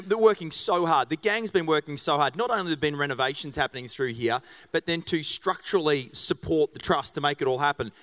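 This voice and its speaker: A man's voice: medium pitch, a bit bright. Chatty joking man preaching. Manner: chatty, joking, many fillers and restarts. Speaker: pastor. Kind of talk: casual sermon. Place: church auditorium.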